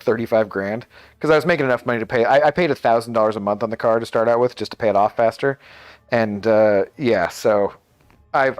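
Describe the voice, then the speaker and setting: Rambling man chatting on a live stream. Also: mid-range voice. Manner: rambling, chatty, reads and answers viewer messages. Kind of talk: casual live-stream chat.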